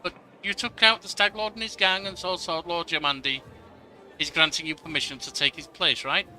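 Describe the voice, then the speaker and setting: A man's voice: fairly high pitch, steady tone, normal speed, sharp tone. A man reading an arrogant nobleman's lines aloud in a haughty, offhand manner. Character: arrogant, bored young male baron.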